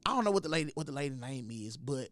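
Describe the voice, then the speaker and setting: Man, podcast host, quick talker, dry close sound, anecdotal. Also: medium pitch, no room sound. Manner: animated storytelling with repeated restarts. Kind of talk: casual chat.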